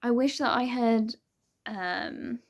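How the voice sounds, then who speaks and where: Rambling young woman with a gravelly voice. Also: on the high side, takes it slowly. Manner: rambling, hesitant, many restarts and fillers. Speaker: vlogger. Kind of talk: casual chat to camera.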